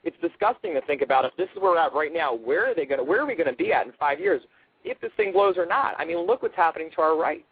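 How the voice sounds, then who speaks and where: A man's voice: a little high, expressive, fast, breathy edge, no room sound. A man guesting on a radio show, speaking urgently with many stops and restarts. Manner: urgent, repeats and restarts words. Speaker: guest, activist. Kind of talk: radio phone interview. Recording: narrow phone-line sound.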